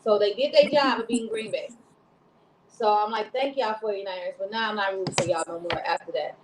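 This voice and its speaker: A woman's voice: medium pitch, fairly quick, noisy background. Echoey, chatty woman from Chicago. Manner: laid-back, rambling, laughs often. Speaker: co-host. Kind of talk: casual chat.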